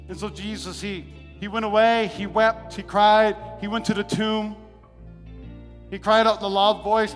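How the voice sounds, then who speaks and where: A man preaching an impassioned sermon, swinging between shouts and hushed passages. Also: high voice, flat delivery, measured pace. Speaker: pastor. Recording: long hall reverb, faint music.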